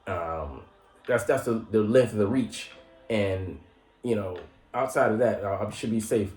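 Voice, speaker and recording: A man giving a casual, slangy recap of an anime episode. He laughs often and jumps into high mock voices. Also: measured pace, a little mellow. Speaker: anime reviewer. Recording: roomy echo with faint music.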